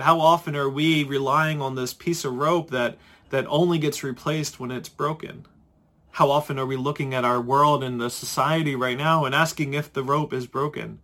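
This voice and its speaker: A man's voice: medium pitch, a bit bright. A male pastor preaching a sermon in a conversational way, often repeating and restarting words.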